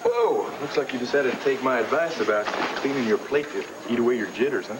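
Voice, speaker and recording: A man's voice: mid-range voice, expressive, fairly quick, lightly acted. Guy playing a jokey laid-back dude, old hissy tv soap tape. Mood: playful. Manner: playful, joking. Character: joking, easygoing young man. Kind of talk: 1980s TV soap opera acting. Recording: hissy old TV broadcast recording.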